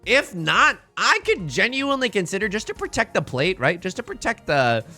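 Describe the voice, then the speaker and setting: A young man streaming a mahjong game, chatting casually and joking with playful, drawn-out emphasis. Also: high-pitched, sing-song, sharp tone, soft background music. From China. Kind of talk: casual live-stream commentary while playing mahjong.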